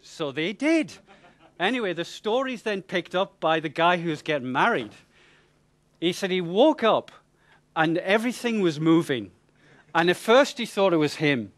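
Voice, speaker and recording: A man telling a funny anecdote to an audience, in a lively, chatty way with hesitations and repeated words. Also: high-pitched, unhurried. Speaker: speaker.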